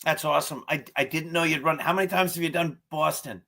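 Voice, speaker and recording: A man's voice: a little high, fairly quick, creaky. A middle-aged man hosting an interview podcast, chatting casually and laughing as he tells stories. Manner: animated, laughs while telling stories. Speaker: podcast host.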